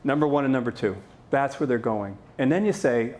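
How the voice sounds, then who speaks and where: A man's voice: medium pitch, brisk, a little mellow. A middle-aged man giving a live conference talk as keynote speaker, with playful joking asides to the audience.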